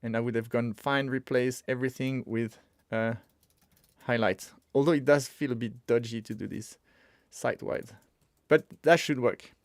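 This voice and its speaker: A man's voice: medium pitch, steady tone, moderate pace, dry recording, studio quality. A man streaming as he codes, talking casually and muttering to himself while he works. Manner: thinks aloud, mutters to himself while working. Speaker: streamer coding live. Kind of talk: casual live-coding stream.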